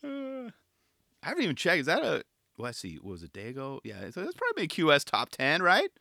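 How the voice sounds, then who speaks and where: A man in casual commentary, talking in relaxed skater slang with constant "right?" tags. His voice is bright and forceful and jumps all over in pitch. The recording is close and dry. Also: fairly quick, gravelly, no echo. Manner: laid-back skater slang, animated; keeps asking "right?" and "you know". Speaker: skate video reviewer.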